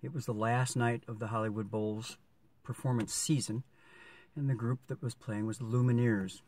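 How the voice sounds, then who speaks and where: A man's voice: medium pitch, fairly even intonation, normal speed, a little mellow, a little hiss or hum. A middle-aged man, a rideshare driver, telling a story casually with many ums and restarts. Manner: chatty, rambling with many ums.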